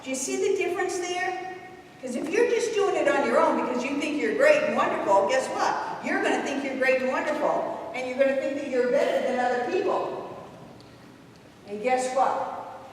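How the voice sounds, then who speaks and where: A woman giving a lively talk to a youth group in a church hall, asking the audience questions. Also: high voice, moderate pace, a little hiss or hum. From New England. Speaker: speaker at a youth ministry talk. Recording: echoey hall from far off.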